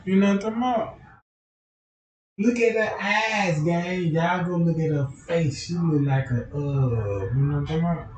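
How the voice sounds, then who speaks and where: A man's voice: a little high, normal speed. A man telling a rambling comic story, profane and full of slang, often asking his listeners whether they follow him. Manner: profane, slang-heavy, repeats filler questions. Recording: roomy, from far off the mic, faint background noise.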